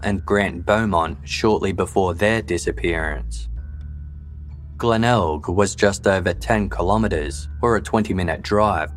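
Low-voiced male narrator for a true-crime podcast, measured and sober, faint music underneath. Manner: measured, even, sober delivery.

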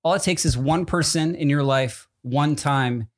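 A man's voice: fairly high pitch, measured pace. A man from New Jersey co-hosting a podcast, joking and self-mocking in casual chat. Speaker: podcast co-host.

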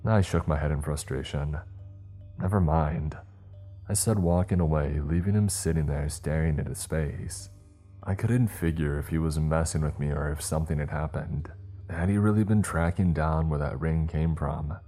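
A man narrating a first-person scary story in a measured way, voicing the dialogue himself. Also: very deep voice, mellow, slightly rough, faint music behind. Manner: measured, acts out dialogue in his own voice.

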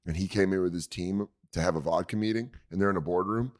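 A man's voice: deep voice, fast talker. A young man and podcast co-host, telling an anecdote in casual chat and acting out the quotes. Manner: jokey, animated storyteller who acts out quotes.

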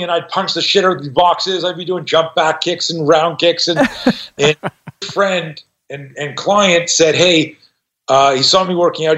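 On a lo-fi recording, a middle-aged man with a fairly high voice tells a story as a podcast guest. Animated and profane, he swears freely and acts out the voices of the people involved.

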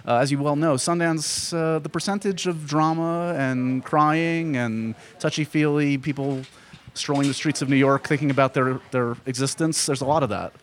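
A man's voice: a little high, fairly even intonation, slight background noise. Teasing male interviewer, chatty. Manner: chatty, teasing, quick to laugh. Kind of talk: casual interview chat.

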